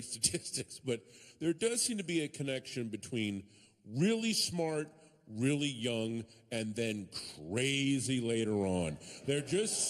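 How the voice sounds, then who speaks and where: A man doing stand-up comedy on stage, animated, breaking into loud high-pitched bits as he tells a story. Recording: live hall with long reverb.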